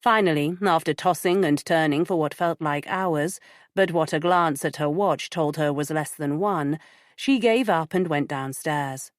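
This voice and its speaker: A woman narrates a thriller audiobook in a measured, even way. Her voice sits slightly low and is recorded close and dry, with no room sound. She reads at a steady pace. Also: no echo. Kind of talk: scripted narration.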